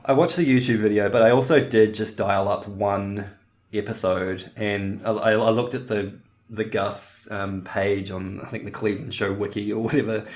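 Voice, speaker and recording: A man's voice: on the low side, steady tone, moderate pace. A man co-hosting a podcast in casual chat, rambling and laughing often. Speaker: podcast co-host.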